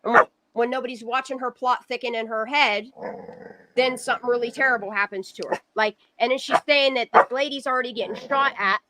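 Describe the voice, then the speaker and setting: A woman's voice: a little high, fairly even intonation, brisk, noisy background. A woman hosting a livestream, chatting animatedly with her viewers as she reacts to a clip. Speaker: livestream host. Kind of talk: casual reaction commentary.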